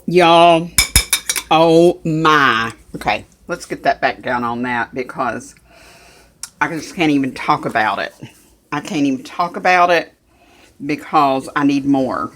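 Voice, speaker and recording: Woman, home cook vlogger, low voice, unhurried, chatty and folksy. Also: fairly bright tone, slight background noise. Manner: chatty and homey, talks to viewers and her dog. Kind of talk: casual cooking vlog.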